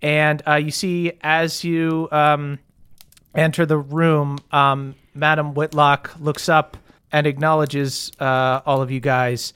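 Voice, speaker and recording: A man running a tabletop game as game master, in a fairly high voice. He narrates loosely, with plenty of "um"s and "uh"s. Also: level tone, takes it slowly, a bit bright, clear, resonant tone. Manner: loose, with many fillers.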